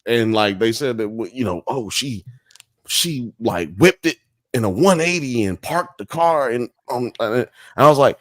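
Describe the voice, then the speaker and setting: A man tearing into a movie on a casual podcast, cursing freely and riffing. His voice leaps around in pitch as he gets worked up. The recording is dry and close, with no room sound. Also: unhurried, no echo. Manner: animated ranting, heavy cursing. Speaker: podcast co-host. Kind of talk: profane casual movie-review banter.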